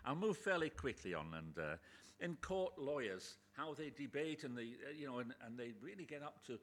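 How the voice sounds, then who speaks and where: A man preaching a sermon in a church, chatty with joking asides, bursting into loud emphatic quotes. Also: mid-range voice, expressive, moderate pace. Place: church with a pulpit, indoors.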